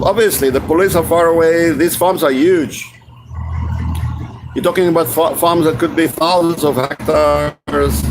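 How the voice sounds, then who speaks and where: A man with a somewhat higher voice talks in a loose, meandering vlog monologue. He swears casually and trips over restarts as he goes. Vehicle noise is clearly heard behind his voice. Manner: meandering, profane, many restarts. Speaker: vlogger.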